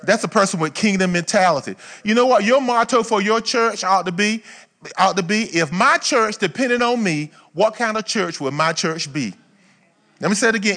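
Folksy preaching man with a higher voice. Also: animated, normal speed, fairly bright tone. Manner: conversational preaching with repeated rhetorical questions; folksy, colloquial phrasing. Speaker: pastor. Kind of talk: sermon.

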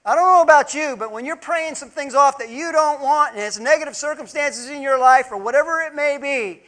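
A man preaching a sermon in a strikingly high voice. He presses his points emphatically, rising to loud pleas and then dropping to hushed asides. He keeps asking his congregation rhetorical questions. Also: a little fast. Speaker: pastor.

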